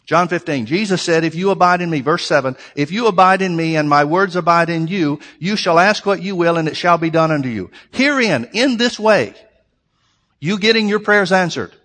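A man's voice: fairly high pitch, expressive, moderate pace, a bit bright. Man preaching in an echoing hall. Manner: earnest, conversational preaching with emphatic repetition. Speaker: pastor. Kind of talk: sermon. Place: church sanctuary. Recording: long reverb of a large hall.

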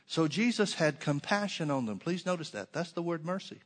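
Male preacher, slightly high voice, sermon delivery, emphatic scripture reading with quiet asides. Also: brisk, hardly any pauses. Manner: reads scripture aloud, rising to emphatic stresses, drops to soft asides.

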